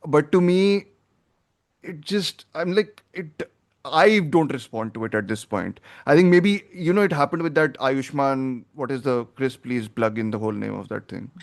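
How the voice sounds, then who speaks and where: A man's voice: mid-range voice, lively intonation, moderate pace, vocal fry. A man hosting a film podcast, talking in a rambling, opinionated way as he thinks aloud. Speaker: podcast host. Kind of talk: casual film review chat.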